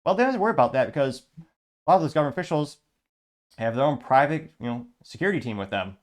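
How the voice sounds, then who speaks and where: A man hosts a casual political commentary show at a middle pitch. He reads viewer comments aloud one by one and drops sarcastic asides between them. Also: expressive, quick pace.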